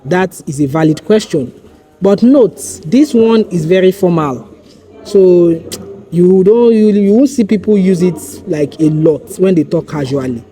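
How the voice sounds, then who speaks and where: A man's voice: high voice, expressive, a little slow, dark tone. A man teaching beginners over a video call, explaining patiently step by step with frequent restarts. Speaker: French teacher. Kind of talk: online class lesson.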